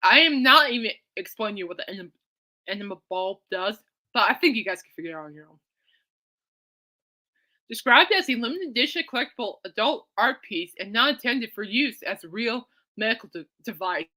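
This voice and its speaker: A woman's voice: fairly high pitch, expressive, fairly quick, sharp tone. A woman hosting a podcast in casual, rambling chat, giggly and reacting to listener comments. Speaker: podcast host.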